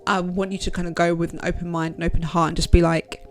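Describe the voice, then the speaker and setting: A woman's voice: on the low side, flat delivery, fast talker, hardly any pauses, faint music behind. A woman giving frank, direct motivational advice to her viewers in a casual vlog. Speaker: self-help vlogger. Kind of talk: motivational talk to camera.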